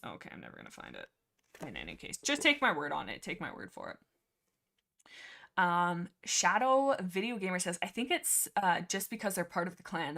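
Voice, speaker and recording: A woman hosts a casual livestream and rambles along, reading chat comments aloud. Her voice sits a little low for a woman, and her talk is full of fillers and restarted sentences. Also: fairly bright tone. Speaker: livestream host. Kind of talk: casual rambling book discussion.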